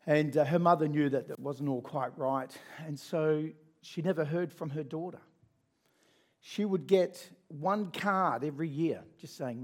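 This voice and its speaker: A man preaching, retelling a story in a conversational, animated way with asides to listeners. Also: on the high side, measured pace. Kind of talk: sermon storytelling.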